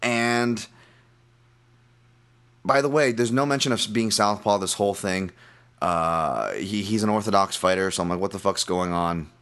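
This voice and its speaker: A man with a fairly low voice hosts a fight podcast in loose, casual talk. He rants with heavy swearing and stumbling restarts. Elsewhere he settles into a steadier, analytical rundown of picks. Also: measured pace. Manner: profane, animated ranting with many restarts; calmer analytical betting breakdown.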